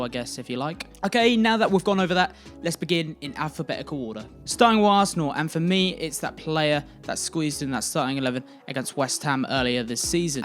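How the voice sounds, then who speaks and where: A young man hosting a casual football video, giving chatty, opinionated and jokey commentary. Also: on the high side.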